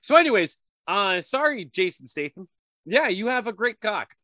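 A man co-hosting a comedy podcast, chatting in a playful, jokey way. His voice sits high and sounds bright and sharp, and his pitch swings widely as he riffs. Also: sing-song, normal speed, no room sound, clean studio sound. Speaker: podcast co-host. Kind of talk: comedic casual chat.

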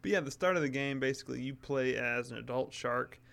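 A man's voice: mid-range voice, brisk, vocal fry. A man co-hosting a casual gaming chat, explaining at an easy pace. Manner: relaxed, explanatory, lots of fillers. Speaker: podcast co-host.

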